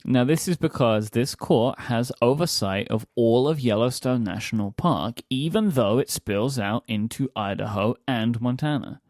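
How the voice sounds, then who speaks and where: A man's voice: mid-range voice, moderate pace, few pauses, a little mellow, no echo, clean studio sound. A man co-hosting a comedy podcast, reading facts with playful, goofy asides. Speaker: podcast co-host. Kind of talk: scripted comedy podcast banter.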